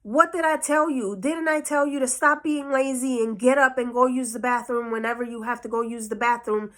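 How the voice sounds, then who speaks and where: Harsh angry mother, scolding, contemptuous, slow delivery, a woman voicing her. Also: mid-range voice, fairly bright tone.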